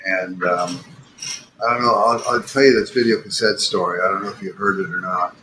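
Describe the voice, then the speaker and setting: An older man tells a story in a low, unhurried voice, full of ums and restarts. A steady noise sits under the recording. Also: low-quality recording. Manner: rambling, many fillers and restarts. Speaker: podcast guest, animator. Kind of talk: casual storytelling.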